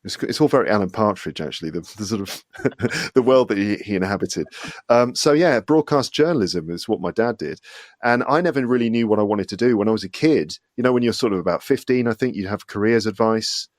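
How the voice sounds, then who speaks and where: A man in his forties with an English accent and only a faint West Midlands trace, talking in a lowish voice. He chats easily and pokes fun at himself as an interview guest. The sound is dry and close. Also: expressive, brisk, dry recording. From England, West Midlands (Solihull). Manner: chatty and self-deprecating, laughs often, mimics voices. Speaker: guest, English teacher and podcaster. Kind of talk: casual interview chat.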